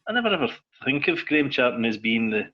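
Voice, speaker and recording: A man's voice: medium pitch, sing-song, fast talker. A Scottish man co-hosting a podcast, chatting easygoing and agreeable. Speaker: podcast co-host. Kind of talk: casual chat. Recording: dull lo-fi sound.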